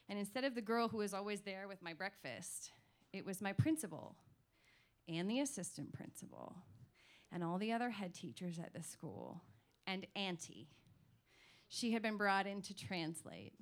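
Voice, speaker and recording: A woman's voice: fairly low pitch, smooth. Candid woman telling a story on stage. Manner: candid, emotional, swears freely. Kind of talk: live personal storytelling.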